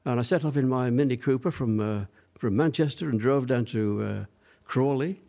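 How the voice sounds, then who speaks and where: An older man, a guest in an interview, drifts through recollections of his past in a mid-range voice with a dark tone and vocal fry. Fillers and restarts pile up as he rambles from memory to memory.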